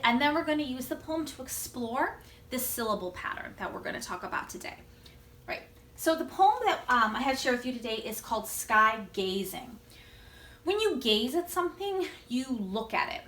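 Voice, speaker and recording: A woman with an American accent teaches a children's video lesson in an echoey room. Her voice is bright and sits a little high. She talks in a gentle, encouraging way and invites the children to join in. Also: a little hiss or hum.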